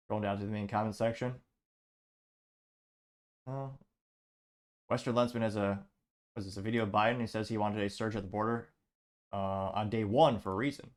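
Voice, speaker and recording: A man hosting a show, casually reading online comments aloud and adding dry asides. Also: lowish voice. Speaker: show host.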